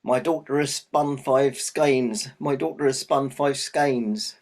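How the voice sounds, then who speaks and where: A man's voice: medium pitch, fairly even intonation, slow, a little mellow, lightly acted. A man voicing a flustered, scheming mother in a spoken folk tale. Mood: covering up.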